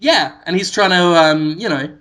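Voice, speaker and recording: A man, a podcast co-host pitching a silly movie idea to his friends in rambling storytelling style, laughing at his own jokes. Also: animated, moderate pace, a bit bright. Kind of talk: comic movie pitch to co-hosts.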